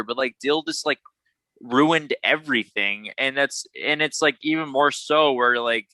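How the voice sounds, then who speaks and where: A young man chatting casually about a movie, full of fillers and quick laughs. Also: mid-range voice, sharp tone, dry recording, low-quality recording. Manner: chatty, many fillers, laughs often, slips into cartoon voices. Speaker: podcast co-host.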